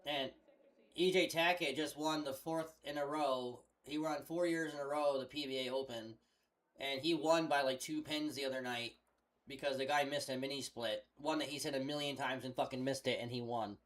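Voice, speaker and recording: A man's voice: mid-range voice, fairly even intonation, normal speed, fairly bright tone, rough recording. Casual, cursing male streamer on a headset. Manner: rambling profane storytelling. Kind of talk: casual chat while gaming.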